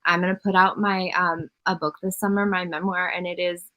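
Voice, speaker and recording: A woman's voice: on the low side, level tone, brisk, lo-fi sound. A woman on a livestream panel, talking in an earnest, open way. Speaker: guest panelist. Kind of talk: casual livestream chat.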